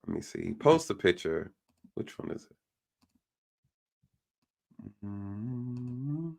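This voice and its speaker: Gravelly low-voiced exasperated man. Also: very animated, takes it slowly, darkish tone. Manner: exasperated, irritated ranting. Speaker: YouTube commentator. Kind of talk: casual reaction commentary.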